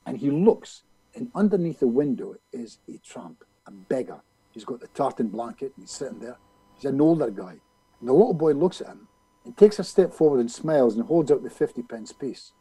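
Gravelly, lively man telling a story. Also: medium pitch, a little fast, no room sound, rough recording. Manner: animated storyteller who acts out other people's lines. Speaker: hypnotist guest. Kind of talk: telling a story in a conversational interview.

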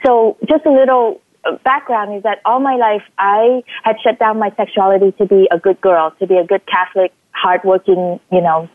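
A woman from Vietnam talks over a tinny, phone-like line with a dry sound. She tells her story as a guest in a casual interview. She acts out quoted lines in a much higher voice. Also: steady tone, normal speed, no room sound. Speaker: guest, life coach. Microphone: phone call.

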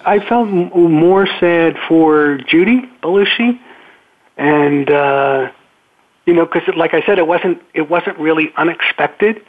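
An older man, an actor guest, telling a story on a call-in interview in a relaxed, halting way. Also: on the high side. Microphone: telephone. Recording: phone-line call-in.

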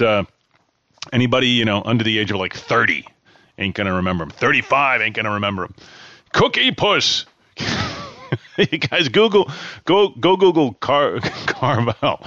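A man hosts a talk radio show, rambling in a casual, chatty way and often restarting his sentences. He sounds plain and mid-pitched. The recording is dull and lo-fi, dry with no room sound. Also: fairly bright tone, no room sound. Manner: rambling, chatty, laughs at himself, many restarts. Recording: dull, lo-fi dry studio mic.

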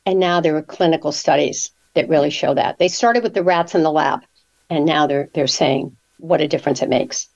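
Woman, lower voice, show host, conversational questions, dull lo-fi audio. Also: normal speed, darkish tone. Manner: conversational, asks questions with personal anecdotes. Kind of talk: interview conversation.

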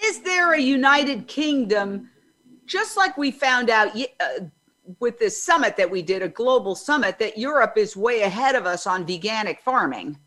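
A woman in her sixties hosting an interview, loud and chatty, telling stories as she goes. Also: on the high side, lively intonation, normal speed. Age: 60s. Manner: loud, chatty, self-described loudmouth. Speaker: interview host. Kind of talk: conversational interview.

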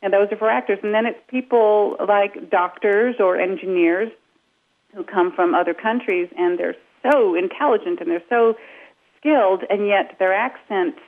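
A woman's voice: mid-range voice, normal speed. A woman from England, an accent coach, explaining casually with spoken examples. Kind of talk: casual radio chat. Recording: phone-line radio sound.

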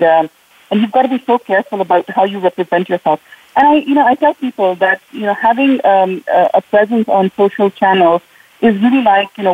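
Female remote guest with a laugh and lots of fillers, phone-quality line. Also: mid-range voice. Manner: laughs often, many fillers. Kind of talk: casual interview chat. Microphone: remote call. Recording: tinny phone-like call line.

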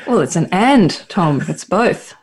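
A guest author with an Australian accent answers at length. The answers are reflective and halting, with frequent pauses. The voice sits at a middle pitch. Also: animated, breathy edge. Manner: reflective, many fillers and restarts. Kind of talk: radio interview answer.

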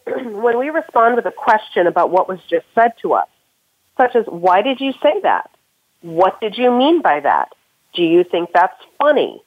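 A woman speaks at a middle pitch in an earnest, advice-giving way, walking through her points step by step. Her voice comes through a narrow, tinny phone line. The sound is dry, with no room around it. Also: no echo. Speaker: guest career coach. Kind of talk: podcast interview answer.

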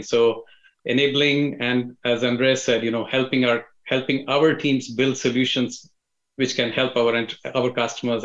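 A male guest speaks haltingly, stopping and restarting his sentences. He sounds like he is in an echoey room, and the audio is a bit dull. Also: medium pitch, fairly bright tone. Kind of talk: introductory remarks.

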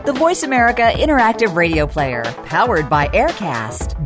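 Upbeat woman announcer over music. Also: mid-range voice. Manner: upbeat, promotional. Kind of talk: scripted radio ad read.

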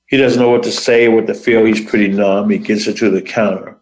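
A man hosting a show, telling a motivational story in short phrases with dramatic, deliberate pauses. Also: fairly low pitch, fairly even intonation, reverberant, poor audio. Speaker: host.

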